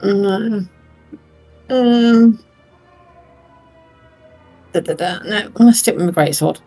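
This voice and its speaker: A woman's voice: mid-range voice, slow pace, warm tone, soft background music, poor audio. A woman playing a tabletop game, casual and hesitant, swearing lightly. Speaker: player.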